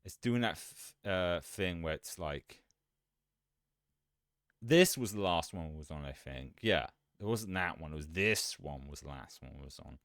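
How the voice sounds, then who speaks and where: A man chatting casually on a live stream, rambling and swearing, growing animated when he rants. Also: sits low, unhurried, dry recording, clean studio sound.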